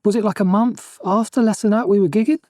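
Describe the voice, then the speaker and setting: A man's voice: sits high, steady tone, fast talker, a little mellow, no room sound, clean studio sound. A man telling band anecdotes in a casual podcast chat, often chuckling. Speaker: guest musician.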